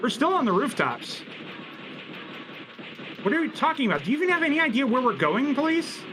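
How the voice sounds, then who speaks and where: A man co-commentating a live video game race, animated, teasing and sarcastic. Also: extremely high pitch, fairly quick, background noise.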